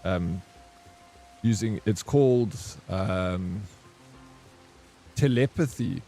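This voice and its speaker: A young man, chatting casually and excitably with his stream viewers, rambling between topics. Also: lowish voice, drawn-out words, soft background music. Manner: rambling, excitable, says bro a lot. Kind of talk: casual chat with live chat.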